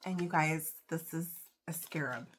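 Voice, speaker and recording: A woman, getting over a cold, unboxing jewelry in a casual vlog, gushing and emotional with gasps and soft whispers. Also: deep voice, a little slow, slight background noise. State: recovering from a cold. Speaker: reseller vlogger.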